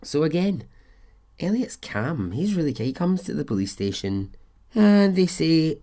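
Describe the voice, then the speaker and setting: A man's voice: on the high side, very animated, unhurried, mellow. A man hosting a podcast, telling a true-crime story in a chatty, conversational way with frequent asides. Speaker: podcast host.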